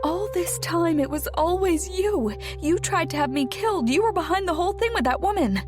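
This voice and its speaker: A woman's voice: high-pitched, expressive, moderate pace, faint music behind, pitched above the performer's own voice. A woman voicing an agitated, accusing young wife who talks in an emphatic, hissing way.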